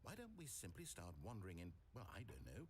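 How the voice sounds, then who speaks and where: A man's voice: low-pitched, huge pitch swings, fairly quick, a crowd in the background. A man voicing a middle-aged male game narrator who speaks in a dry, mock-grand, theatrical way.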